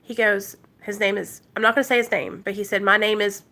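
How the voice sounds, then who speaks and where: On her recovery vlog, an Arkansas woman tells an emotional story while speaking directly to her viewers. Her medium-pitched voice is steady, bright and forceful, and she talks fairly quickly.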